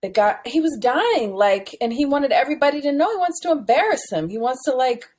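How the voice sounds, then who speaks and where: A woman co-hosting a podcast, telling stories in a casual, slangy, animated way with frequent laughter. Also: sits high, fairly quick. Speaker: podcast co-host. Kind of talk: casual chat, storytelling.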